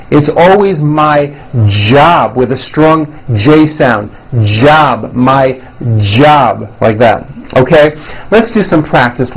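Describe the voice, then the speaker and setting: A man leading a pronunciation workshop at a slow, deliberate pace, with a voice a little higher than most men's. He sounds out each sound carefully and repeats it, like a patient teacher. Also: poor audio. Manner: clear, careful, demonstrates sounds.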